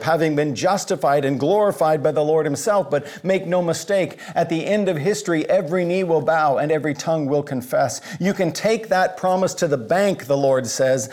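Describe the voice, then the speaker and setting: A man preaching a sermon in an earnest, measured way, pausing for emphasis. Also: on the high side, darkish tone. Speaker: pastor.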